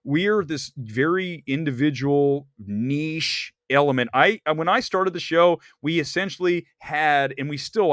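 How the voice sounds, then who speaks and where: Brief: lively, rambling male movie-show host, slightly high voice, dry close sound. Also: no room sound. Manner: animated, rambling, emphatic rants. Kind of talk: live-stream movie commentary. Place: Los Angeles area.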